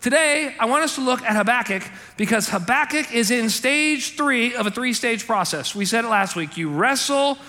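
Pastor, male, high bright voice, chatty emphatic sermon, echoing church hall. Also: animated, moderate pace, hardly any pauses. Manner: conversational, emphatic, frequent "okay?" and "right?" asides. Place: church sanctuary. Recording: long hall reverb.

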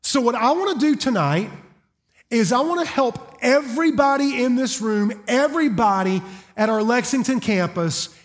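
Folksy Southern preacher, high voice. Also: male voice, expressive, normal speed. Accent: Southern American. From South Carolina. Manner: folksy, joking storyteller. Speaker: guest preacher. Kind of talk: sermon. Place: church auditorium.

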